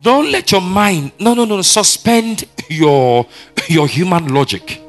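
A male pastor delivers a lively sermon, his voice sitting a touch high and swinging widely in pitch. He keeps asking the congregation questions as he preaches, with soft music faintly underneath. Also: measured pace.

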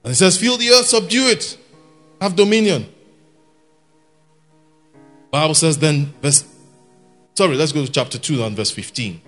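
A man, preaching a sermon in an animated way, shouting his key points and laughing along with the congregation. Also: on the high side, normal speed, long pauses, soft background music. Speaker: guest preacher. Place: church hall with an audience.

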